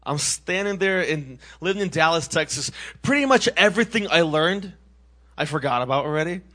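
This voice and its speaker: A man in his twenties from Massachusetts, sharing his personal testimony as a youth minister in an earnest, animated way, often restarting his sentences. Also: fairly high pitch, moderate pace. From Massachusetts, USA.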